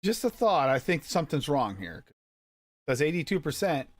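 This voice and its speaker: A man's voice: on the high side, very animated, moderate pace, no echo. A man co-hosting a live show, chatting casually and teasing his friends. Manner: joking, teasing banter. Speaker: co-host of a live mixing show. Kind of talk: casual chat.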